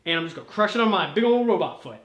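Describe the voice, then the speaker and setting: A woman's voice: lowish voice, expressive, rapid-fire, dull audio, lightly acted. A woman voicing a gleeful, scheming male robot overlord villain in a smug, lazy drawl, recorded in an echoey room. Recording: roomy echo.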